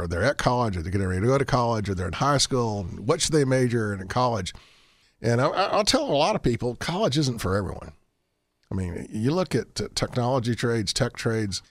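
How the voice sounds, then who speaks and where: A man's voice: medium pitch, no echo, studio quality. A man, a radio show guest talking in a folksy, rambling way with frequent restarts. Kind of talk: radio talk show interview.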